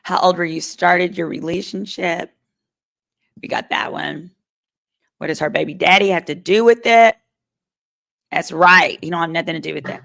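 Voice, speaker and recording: A woman's voice: fairly low pitch, moderate pace, creaky, pauses often, a bit bright. A woman lawyer hosting a live stream, reading chat comments and giving sassy, chatty legal commentary.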